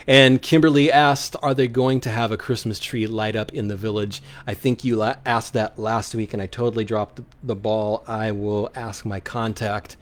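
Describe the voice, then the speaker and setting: Rambling man hosting local live radio. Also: lowish voice. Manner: rambling, many ums and restarts, upbeat. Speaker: local radio show host. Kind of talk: casual live radio chat reading listener questions.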